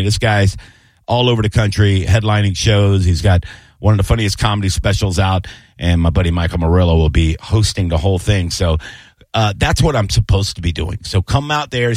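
A man's voice: fairly low pitch, no room sound. Casting: middle-aged male radio host, loose joking banter, dry close sound. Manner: joking, whiny on purpose. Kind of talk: casual call-in radio talk.

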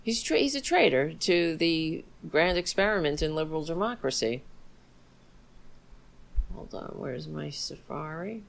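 A woman's voice: low-pitched, lively intonation, a little slow, creaky, slight background noise. A middle-aged woman hosting a stream, delivering angry political commentary in a scornful, insulting, sarcastic way. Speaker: livestream host.

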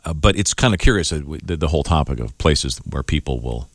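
Deep-voiced radio host, halting. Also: male voice, lively intonation, dry recording, clean studio sound. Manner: halting, many fillers and restarts. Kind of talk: casual on-air chat.

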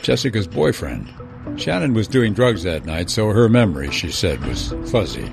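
Male true-crime narrator, gravelly, animated pitch, music bed. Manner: measured, dramatic storytelling. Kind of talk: scripted narration.

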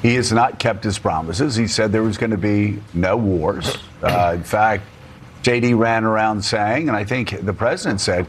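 A man's voice: on the low side, normal speed, slight background noise. A man hosting a political talk show, talking emphatically with sarcastic asides. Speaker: host.

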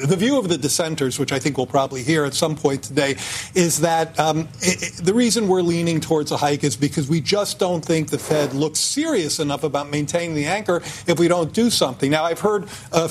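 A man speaking as an economist guest on a live TV panel, measured and halting with many fillers. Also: on the high side, a little hiss or hum.

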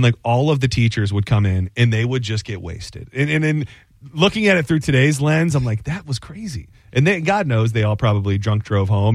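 A man's voice: medium pitch, no room sound, clean studio sound. A man in his thirties co-hosting a talk show, telling rambling stories and acting out what people said. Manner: rambling, animated storyteller who acts out quotes. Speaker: radio show co-host. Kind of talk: casual banter storytelling.

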